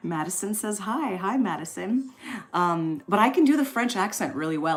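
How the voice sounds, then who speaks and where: A woman's voice: on the low side, expressive, fairly quick. A woman in her forties hosting a casual live stream, chatting and reading out viewer comments in a rambling way with lots of fillers. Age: 40s.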